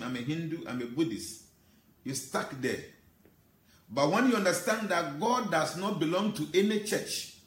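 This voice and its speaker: A man's voice: high voice, reverberant. A man preaching an earnest, emotional sermon, reciting Sanskrit verses and explaining them. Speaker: spiritual teacher.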